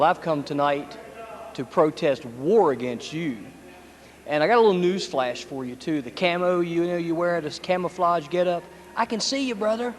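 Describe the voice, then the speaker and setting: Boastful wrestler trash-talking, echoey hall, faint hum. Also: male voice, a little high. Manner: taunting, boastful. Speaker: pro wrestler. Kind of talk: wrestling trash-talk promo.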